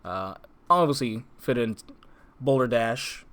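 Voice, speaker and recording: A man's voice: medium pitch, takes it slowly, a bit bright, clean tone. A young man co-hosting a casual podcast, rambling with lots of fillers, restarts and laughs. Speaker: podcast co-host. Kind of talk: casual chat.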